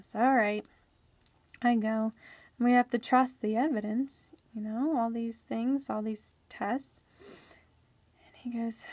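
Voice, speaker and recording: Halting woman, slipping into whispers. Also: a little high, steady tone, no room sound. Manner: halting, drops often into soft whispers. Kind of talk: first-person story, voiced live.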